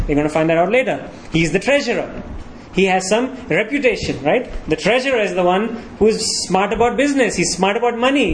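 A man's voice: high voice, a little hiss or hum, low-quality recording. A pastor preaching a sermon, walking his congregation through scripture with frequent rhetorical questions.

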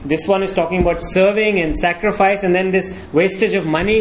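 A man's voice: sits high, moderate pace, a little hiss or hum, poor audio. A pastor preaching a sermon, walking his congregation through scripture with frequent rhetorical questions.

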